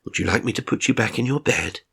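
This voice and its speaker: A man, reading a horror story, voicing a polite, literal-minded male carer who speaks in a calm, precise and oddly formal way. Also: medium pitch, fast, creaky, slightly rough, exaggerated voice. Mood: composed. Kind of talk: audio drama reading.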